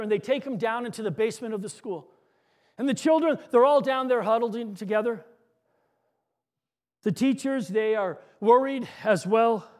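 A man preaching a sermon, telling stories and dropping to a soft hush on key lines. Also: extremely high pitch.

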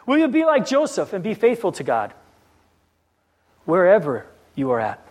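A man's voice: high voice, huge pitch swings, moderate pace. A man preaching a sermon, pressing the listeners with repeated rhetorical questions and telling a story.

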